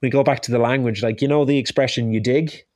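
A man's voice: mid-range voice, fairly even intonation, fast, a little mellow, dry recording. Irish man telling stories in a dry, close sound. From Ireland. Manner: rambling, self-correcting storyteller. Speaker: guest chef. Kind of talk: casual conversation.

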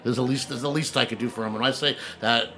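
A man co-hosting a casual radio chat show, excitable and laughing often. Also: medium pitch, fast talker. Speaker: co-host.

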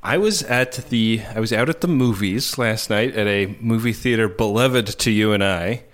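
A man's voice: on the low side, normal speed. A man co-hosting a podcast, telling a story in casual chat with lots of fillers and laughter. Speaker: podcast co-host.

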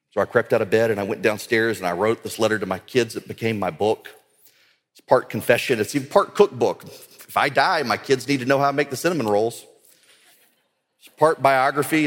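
A man giving an earnest religious conference talk that builds to fervent exhortation. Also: medium pitch. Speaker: conference speaker. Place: large conference hall. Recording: long hall reverb.

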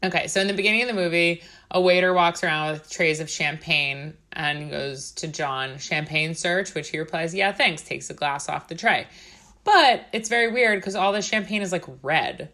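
A woman's voice: on the low side, normal speed, pushed and bright. A woman co-hosting a podcast in casual chat, talking loosely with swearing, laughs and quoted movie lines. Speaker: podcast co-host.

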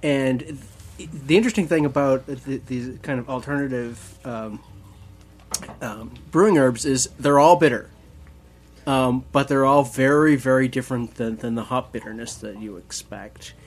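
A man's voice: mid-range voice, moderate pace. Hesitant man on a beer radio show. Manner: hesitant, many fillers and restarts. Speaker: guest, homebrewing book author. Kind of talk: casual radio chat.

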